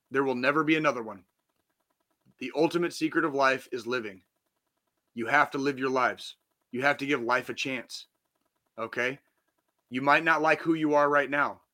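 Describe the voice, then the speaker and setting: Here a man in his forties, a podcast host, talks in a mid-range voice with a bright, forceful tone. It's a casual motivational monologue: blunt, heavily profane, but sincere.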